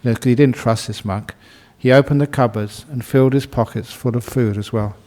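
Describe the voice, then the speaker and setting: A man who is a Buddhist monk giving a relaxed, humorous dharma talk and telling a story, often laughing. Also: mid-range voice, brisk.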